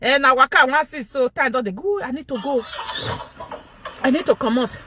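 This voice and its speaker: A woman with a Nigerian accent hosting a gossip commentary vlog. She mocks loudly and keeps breaking into laughter. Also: high voice, brisk, long pauses, slightly rough, dry recording. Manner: mocking, laughs loudly and often. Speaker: vlogger and show host.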